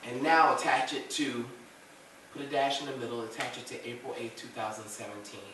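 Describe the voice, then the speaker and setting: A man's voice: medium pitch, flat delivery, brisk, pushed and bright, slight background noise. A man leading a church group discussion, talking earnestly and repeating phrases for emphasis. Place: church room. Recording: echoey room, mic far off.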